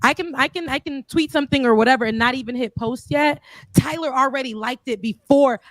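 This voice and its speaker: A woman co-host talks in a playful, teasing way, filling her speech with "like." Her slightly high voice sounds dry and close. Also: brisk, no echo. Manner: playful, teasing, says "like" a lot. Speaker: podcast co-host. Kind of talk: casual chat.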